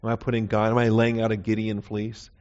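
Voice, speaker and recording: A man's voice: on the low side, completely flat delivery, a little fast, a little mellow, highs cut off. A man teaching a Bible class in a conversational sermon style, often checking in with "okay?". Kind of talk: sermon lecture.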